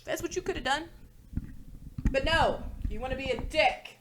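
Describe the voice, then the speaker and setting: A woman's voice: high voice, moderate pace, noisy background. A woman hosting a reaction video, talking in blunt, profane, exasperated rants. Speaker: reaction channel host. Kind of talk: casual reaction commentary.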